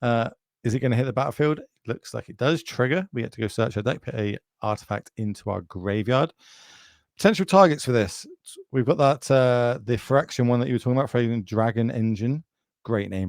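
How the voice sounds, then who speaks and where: A man's voice: mid-range voice, a little fast, dry recording. British guy doing live card game commentary, chatty and jokey, dry close sound. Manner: chatty, jokey, plugs the channel.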